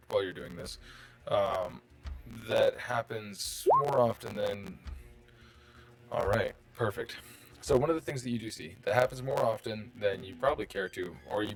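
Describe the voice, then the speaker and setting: A man running a tabletop game, describing the scene in a rambling, casual way with lots of fillers. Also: fairly low pitch. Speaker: game master.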